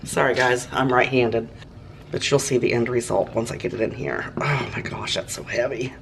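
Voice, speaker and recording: A woman's voice: rumbling low, moderate pace, gravelly, noisy background. A woman hosting a home cooking show, chatting casually and gushing over her food in her kitchen, sometimes talking with her mouth full.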